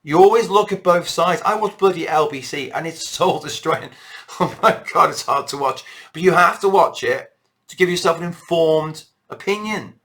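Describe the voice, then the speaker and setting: A man's voice: fairly high pitch, normal speed, fairly bright tone. A British man delivering a rambling, impassioned monologue to camera as a political vlogger. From Britain.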